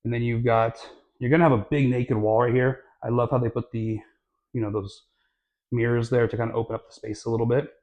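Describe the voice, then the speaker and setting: A man giving a casual walkthrough of a new house as a real estate vlogger, talking in a relaxed, chatty way with lots of fillers, recorded on a handheld camera mic while walking through the rooms. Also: medium pitch, a little fast, lo-fi sound. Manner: chatty and relaxed, filler-heavy, self-correcting. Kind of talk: casual home tour walkthrough.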